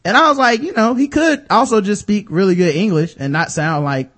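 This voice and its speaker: High-voiced animated man in casual chat. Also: brisk. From United States. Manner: animated, profane, laughs a lot. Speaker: podcast co-host.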